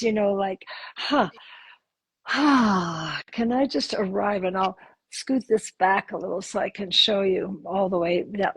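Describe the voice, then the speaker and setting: Breathy, slow woman guiding gently. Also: medium pitch, dry recording, rough recording. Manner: soft, slow, soothing, with sighs and whispered affirmations. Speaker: host leading a guided exercise. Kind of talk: gentle guided body exercise.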